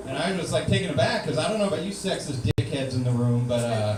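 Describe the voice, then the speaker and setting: A man performs stand-up with a dry, ironic delivery, his voice sitting a bit high for a man. He is recorded from some way off in a reverberant club. A steady hiss runs underneath. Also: fast, hardly any pauses. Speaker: stand-up comedian. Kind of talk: stand-up set. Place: live comedy club. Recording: roomy, distant live room recording with noise.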